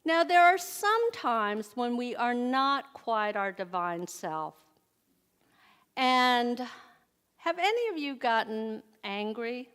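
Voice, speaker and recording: Middle-aged woman, church speaker: slow, unhurried sermon delivery, talks with the congregation and asks them questions. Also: a little high, sing-song, fairly bright tone, clean tone. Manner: conversational, asks the audience questions. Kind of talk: inspirational sermon.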